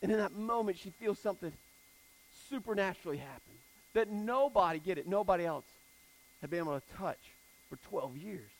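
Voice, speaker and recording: A man preaching a sermon in a casual, animated style, repeating phrases for emphasis. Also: high voice, fairly quick, gravelly, poor audio.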